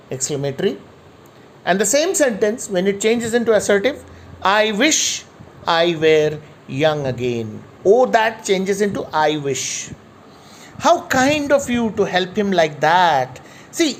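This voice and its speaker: A woman teaching an English grammar lesson, explaining examples on screen patiently and repeating them slowly for emphasis. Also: mid-range voice, a little hiss or hum.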